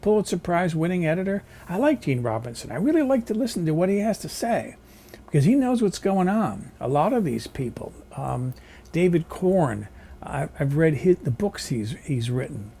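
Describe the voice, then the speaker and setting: A man's voice: fairly high pitch, very animated, normal speed, warm tone, husky. A man vlogging at home, chatting in a rambling, opinionated way. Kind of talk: casual rambling monologue. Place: home kitchen.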